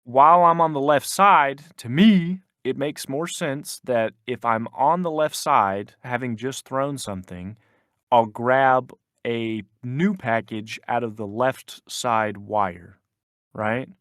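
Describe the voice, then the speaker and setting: Young guy rambling thru a work story on a podcast, mid pitch, dry close mic. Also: slow, fairly bright tone, no room sound. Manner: rambling, many restarts, quotes people in put-on voices. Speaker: podcast co-host. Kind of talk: casual storytelling chat.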